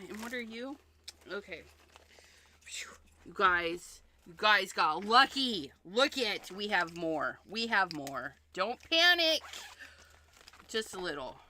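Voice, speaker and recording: A woman's voice: medium pitch, bright, forceful tone. A woman hosting a card-making livestream in a casual demonstration, chatty and thinking aloud, often repeating herself.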